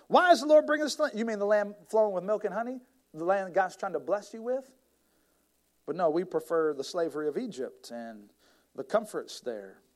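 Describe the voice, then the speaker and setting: A man in his thirties preaching a sermon as a pastor, animated, acting out whiny complaining voices with big jumps up in pitch.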